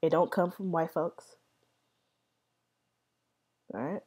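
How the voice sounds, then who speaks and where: A woman's voice: deep voice, slow pace, darkish tone, slightly rough. A young adult woman explaining language in a casual vlog, rambling, repeating herself and often asking "right?". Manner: rambling, repeats words, many "right?" checks.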